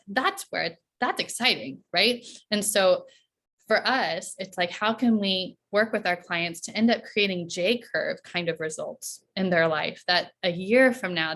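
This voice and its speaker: A woman coach with a mid-range voice, talking freely in a relaxed podcast interview. She keeps checking in with "right?" and breaks into laughs often. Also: medium pitch. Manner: chatty, tags sentences with "right?" and laughs often. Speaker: performance coach.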